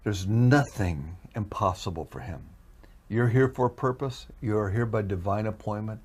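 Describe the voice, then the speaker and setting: A man's voice: on the low side, moderate pace, a little mellow, breathy edge. A man telling a personal story as a guest, in an earnest, building way. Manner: earnest, building to emotional intensity. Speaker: minister telling a testimony.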